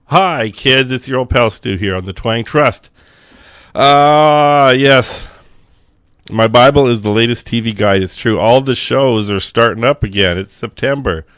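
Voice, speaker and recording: A man's voice: medium pitch, moderate pace, fairly bright tone, no echo. A male radio host, sick and coughing now and then, chatting casually and rambling with dry jokes between songs.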